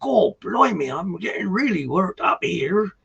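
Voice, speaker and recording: Simple-minded farm lad, moaning and flustered, pitched up high, put on by a man, husky and a little gravelly on a lo-fi recording. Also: sing-song, measured pace, a bit bright, heavily acted.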